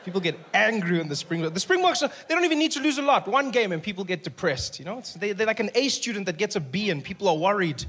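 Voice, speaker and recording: A man's voice: high voice, very animated, fast talker, few pauses, a bit bright. A male stand-up comedian, riffing chattily with the crowd. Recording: stage recording with background noise.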